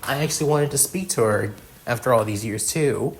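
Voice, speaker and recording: A man's voice: mid-range voice, brisk, natural voice. A man putting on an eager young woman pilot.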